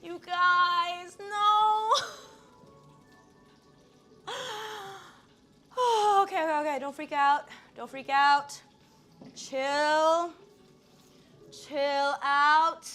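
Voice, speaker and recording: A woman live streaming while she cooks, chatting casually to her viewers, flustered, swearing and talking herself back into calm. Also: sits high, extremely slow, long pauses, faint music behind.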